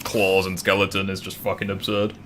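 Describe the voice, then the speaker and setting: A man's voice: low voice, monotone, brisk, a bit bright, a little hiss or hum. A man hosting a casual gaming stream debate, swearing freely and stammering as he restarts sentences. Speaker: streamer host.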